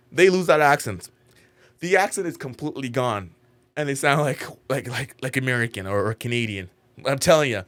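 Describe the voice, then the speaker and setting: Rambling, animated male YouTuber. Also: a little high. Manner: rambling, animated, heavy use of "like". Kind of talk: casual reaction vlog.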